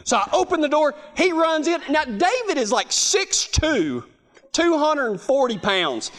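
A middle-aged man giving a humorous storytelling talk, laughing often as he goes. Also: very high voice. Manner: laughing, animated storyteller with restarts. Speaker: speaker.

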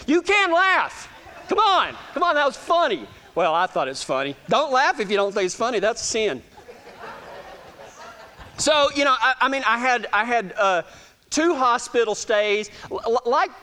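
High-voiced Texan man telling folksy stories. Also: fairly bright tone, smooth. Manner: folksy and self-joking, with frequent stammered restarts. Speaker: speaker addressing a gathering. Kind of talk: casual storytelling talk to an audience.

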